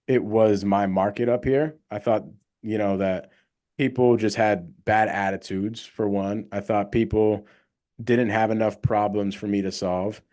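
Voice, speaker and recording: A man's voice: lowish voice, darkish tone. A young man hosting a casual livestream, talking emphatically and rambling with lots of fillers. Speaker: livestream host, real estate wholesaler.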